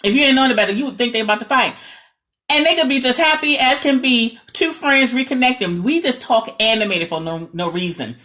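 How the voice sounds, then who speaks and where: A woman with a New York accent gives marriage advice straight to the camera. She talks in an animated, dramatic way with a sarcastic edge. She keeps pausing to ask her listeners "okay?". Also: on the high side. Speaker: marriage coach. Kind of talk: direct-to-camera advice talk.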